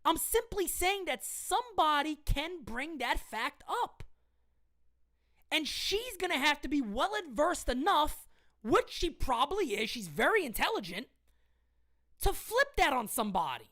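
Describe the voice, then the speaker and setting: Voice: high voice, big pitch swings, measured pace, pushed and bright. A woman hosting a live-stream sports commentary show, emphatic and argumentative as she answers comments from her chat. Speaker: host.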